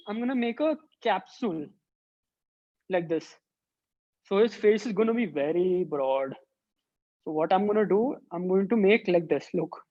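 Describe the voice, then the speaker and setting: A woman's voice: a little high, darkish tone, muffled recording. A woman who teaches an online drawing workshop for children and thinks aloud as she sketches. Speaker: art teacher.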